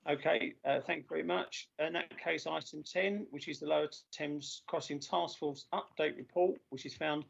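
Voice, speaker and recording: A man chairing a formal council meeting over a video call, halting with many filler sounds and losing his voice. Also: fairly high pitch, steady tone, gravelly. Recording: dull lo-fi video call audio.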